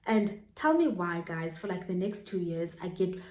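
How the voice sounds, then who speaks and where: A woman's voice: fairly low pitch, animated, moderate pace, darkish tone. Chatty South African woman in a roomy room. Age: 20s. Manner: chatty, filler-heavy, addresses viewers. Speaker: YouTuber. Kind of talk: storytime vlog.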